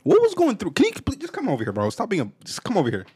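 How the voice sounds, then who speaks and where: A young man talks in a slangy, loose way, swapping jokes and teasing asides with his co-host. His pitch rises and falls a lot, which gives the talk a bouncy, playful feel. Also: huge pitch swings, very fast, darkish tone, breathy edge. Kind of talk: casual storytelling chat.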